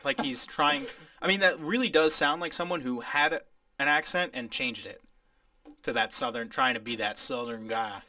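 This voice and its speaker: A man's voice: on the high side, normal speed, sharp tone, no echo, clean studio sound, distant mic. A man co-hosting a podcast in casual chat, with wry, agreeable banter. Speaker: podcast co-host.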